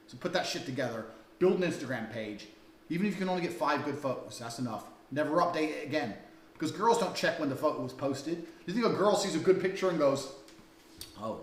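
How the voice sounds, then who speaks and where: A man's voice: a little high, echoey room, far from the mic, a little hiss or hum. A man giving a blunt, profane lecture for a dating course, talking crudely and emphatically.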